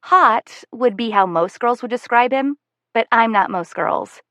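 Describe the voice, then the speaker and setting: A woman's voice: fairly high pitch, unhurried, pushed and bright, no echo. A woman reading a novel aloud in the first person, wry, self-aware and conversational. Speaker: audiobook narrator.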